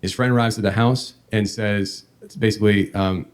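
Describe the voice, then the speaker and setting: Man rambling through a story, lowish voice. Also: steady tone, clean tone. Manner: meandering, halting storytelling. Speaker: podcast host. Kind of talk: telling a paranormal story.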